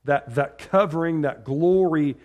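A man delivering an informal sermon in a talkative, meandering way. His voice sits a little higher than usual for a man. He restarts his sentences and keeps checking in with the room by asking "right?". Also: unhurried, lo-fi sound. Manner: chatty, tags lines with "right?"; rambling with restarts. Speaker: preacher.

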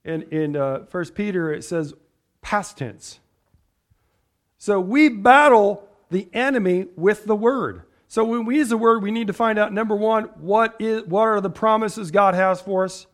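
A man's voice: sits high, unhurried. A man preaching a sermon, reading scripture aloud and stressing points with repeated rhetorical questions. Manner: rhetorical questions, emphatic and repetitive.

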